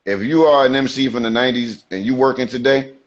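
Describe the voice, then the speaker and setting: A man's voice: mid-range voice, quick pace. A man in his forties, a rapper guest, telling laid-back stories in street slang on a video call. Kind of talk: casual storytelling interview. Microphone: video call mic. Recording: dull, lo-fi sound.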